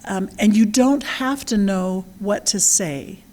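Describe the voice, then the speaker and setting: A middle-aged woman talks warmly and earnestly to parents. She tells her own stories in a conversational voice at an ordinary pitch, pausing on fillers and asking "right?" to keep listeners with her. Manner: earnest, storytelling, with frequent "right?" and "um". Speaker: parenting speaker. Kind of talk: conversational talk.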